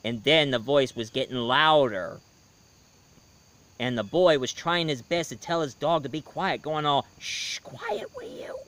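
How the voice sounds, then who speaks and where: A man telling a scary story to his listeners, dramatic, swinging between loud and hushed lines. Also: mid-range voice, a little slow, a little hiss or hum. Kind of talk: spooky storytelling.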